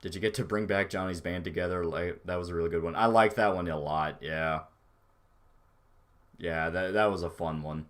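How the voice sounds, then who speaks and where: A man's voice: sits low, steady tone, moderate pace, a bit bright. A man chatting casually on a livestream, rambling and swearing freely as he reacts to his chat. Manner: rambling, profane, laid-back. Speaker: streamer reading chat.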